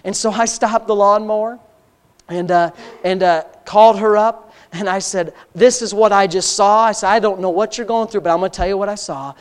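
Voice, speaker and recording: Middle-aged male pastor, fervent storytelling sermon, builds to loud passionate peaks. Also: high-pitched, fairly even intonation, normal speed, smooth. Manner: storytelling, voice rising to impassioned near-shouting. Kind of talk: testimony sermon.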